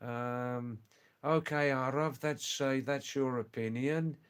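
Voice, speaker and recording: A man with an accent sitting between British and Australian English hosts a live stream. He talks slowly and hesitantly, often repeating himself as he answers viewer comments. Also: mid-range voice, fairly even intonation, clean tone. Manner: slow, hesitant, repeats phrases.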